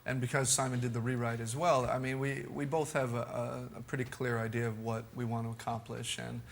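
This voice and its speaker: An American man chatting as a talk show guest, relaxed, with frequent hesitations. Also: mid-range voice, brisk, gravelly, slight background noise. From United States. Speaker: actor and director guest.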